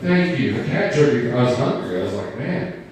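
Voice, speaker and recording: A man's voice: medium pitch, animated, a little fast. A man doing a stand-up set, rambling and self-deprecating as he banters with the crowd. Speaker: stand-up comedian. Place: live comedy venue. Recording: roomy, distant live room recording.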